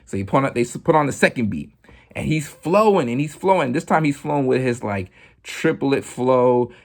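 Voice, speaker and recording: A man hosting a podcast, talking through music news in a relaxed, chatty monologue full of "like" and "you know". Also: mid-range voice, moderate pace. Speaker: podcast host. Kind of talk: casual commentary monologue.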